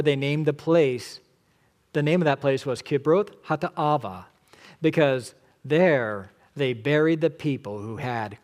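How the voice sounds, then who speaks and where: A man preaching an expository sermon as pastor, emphatic, swinging between loud declarations and hushed lines. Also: a little high.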